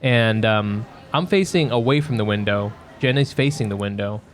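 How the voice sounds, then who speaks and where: A man co-hosting a podcast from a home bedroom, chatting casually and telling a story with lively, acted-out bits. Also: fairly low pitch, normal speed. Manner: animated storyteller who acts out his own yelling. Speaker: podcast co-host. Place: home bedroom used as a quiet room.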